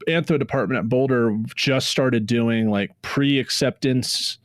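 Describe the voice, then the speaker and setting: Man, podcast co-host, medium pitch, dry close sound, steers the conversation. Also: unhurried, dry recording. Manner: steers the talk, recaps the story. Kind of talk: casual chat.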